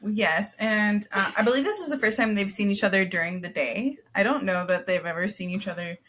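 A woman's voice: medium pitch, fairly quick, fairly bright tone. A young woman co-hosting a podcast, telling stories in casual chat with lots of fillers and frequent laughter. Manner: chatty storyteller, laughs often, many fillers. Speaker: podcast co-host.

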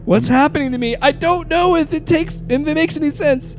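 A woman's voice: high-pitched, brisk, faint music behind, voice pushed up, lightly acted. A woman voicing a terrified five-year-old girl who pleads, whimpers and cries for help.

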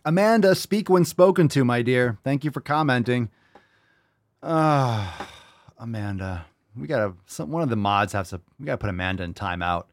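This man has a mid-range voice and talks at normal speed in a dry recording. Hosting a laid-back livestream podcast, he reads out viewer comments with lively energy, swearing a lot and trading in crude sarcasm.

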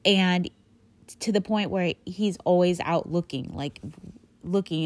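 A woman's voice: lowish voice, a little slow, a little mellow. A woman retelling a Bible story in a casual, rambling way, full of fillers. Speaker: Bible teacher.

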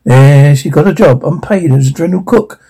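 A man's voice: fairly high pitch, normal speed, slightly rough, rough recording. A man playfully reading a rhyming fairy tale aloud to children. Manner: playful, expressive. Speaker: storyteller.

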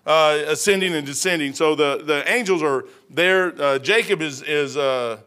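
A middle-aged man preaching an informal, rambling sermon, folksy in manner and rising to loud, emphatic bursts. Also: fairly high pitch, normal speed, clean tone.

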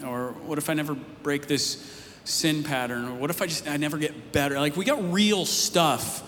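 Male pastor, slightly high voice, relaxed sermon storytelling, long hall echo with faint hiss. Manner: casual storytelling, rising emphatic near the end. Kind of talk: conversational sermon. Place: church sanctuary.

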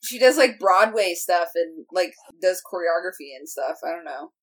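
A woman's voice: on the low side, lively intonation, moderate pace. Giggly chatty woman co-host. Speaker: podcast co-host recapping an episode. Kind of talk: casual chat.

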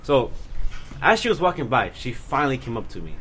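Young man, podcast chat, lively pitch, profane storyteller, faint noise. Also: fairly quick. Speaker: podcast host. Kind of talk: casual chat.

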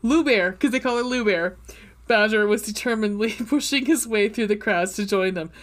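A woman's voice: medium pitch, moderate pace. A woman chatting casually about a novel with a friend, gushing and laughing as she reads favorite passages aloud. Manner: gushing, excitable, laughs often. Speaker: book discussion co-host. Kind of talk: casual chat and reading aloud.

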